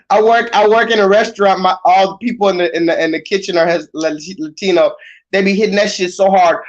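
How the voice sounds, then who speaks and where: A man holds forth on a casual livestream, loud and animated, tripping over his own sentences as he rushes on. The stream audio is a little dull and lo-fi. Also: high-pitched. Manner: loud, animated, talks over himself with restarts. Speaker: livestream host.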